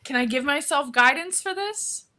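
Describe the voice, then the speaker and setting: A woman playing a tabletop game, speaking slowly and laughing between lines. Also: high voice, animated, bright, forceful tone. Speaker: player.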